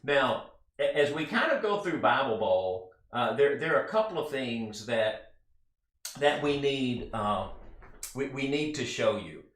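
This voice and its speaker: A man teaching a conversational Bible study lesson in an earnest, chatty way, with quick asides to his listeners. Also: mid-range voice, sing-song, fairly bright tone. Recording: echoey room.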